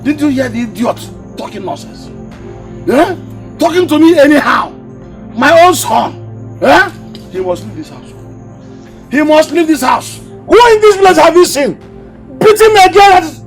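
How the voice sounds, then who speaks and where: An actor playing a furious village father who shouts and scolds, with a Nigerian accent. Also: very high-pitched, exaggerated voice. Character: furious village father throwing out his son. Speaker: angry father.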